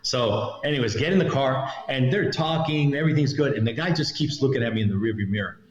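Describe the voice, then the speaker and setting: A middle-aged man, a retired federal agent, tells a story from his career as a guest on a podcast. He talks with animation and acts out the other people in the story. His voice has a middle pitch and sounds roomy and a little dull. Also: quick pace. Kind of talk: recounting a story in a podcast interview.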